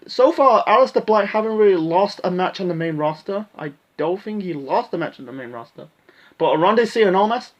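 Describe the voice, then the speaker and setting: A man giving a casual, profane show recap rant, blunt and full of fillers like "you know". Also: high-pitched. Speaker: wrestling commentator.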